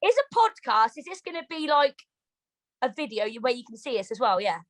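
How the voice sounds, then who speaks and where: Fast, sweary British woman boxer. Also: fairly high pitch, no room sound, rough recording. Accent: British English. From Britain. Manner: rapid, animated and heavily swearing. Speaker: boxer, interview guest. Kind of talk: casual interview chat. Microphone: video call.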